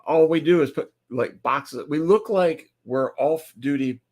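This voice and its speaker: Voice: medium pitch, measured pace, darkish tone. A livestream co-host in casual chat, making dry, teasing quips.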